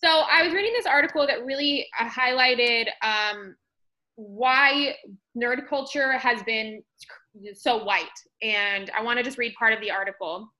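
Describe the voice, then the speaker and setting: A woman co-hosting a podcast in casual chat, blunt and quick to laugh. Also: on the high side, sharp tone. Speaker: podcast co-host.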